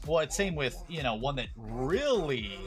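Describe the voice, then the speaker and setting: A man's voice: medium pitch, big pitch swings, measured pace, faint music behind. A man hosting a live card-break stream, chatting casually and arguing his opinions with lots of restarts. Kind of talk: casual livestream chat.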